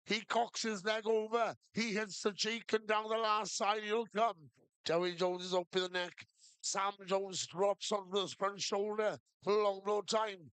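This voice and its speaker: A man giving steady blow-by-blow live commentary on a shearing competition. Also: high-pitched, unhurried, clean tone, no room sound. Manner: steady blow-by-blow calling of each shearing move. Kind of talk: live sports commentary over a PA.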